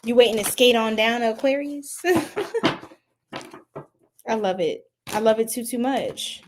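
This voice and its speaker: A woman's voice: on the high side, unhurried, background noise. A young woman giving a casual live tarot reading, chatty and giggly, talking to viewers in the chat. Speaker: tarot reader.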